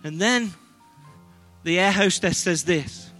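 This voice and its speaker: High, bright-voiced English preacher. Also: male voice, takes it slowly, soft background music. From Britain. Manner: humorous, self-deprecating anecdotes. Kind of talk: sermon with storytelling.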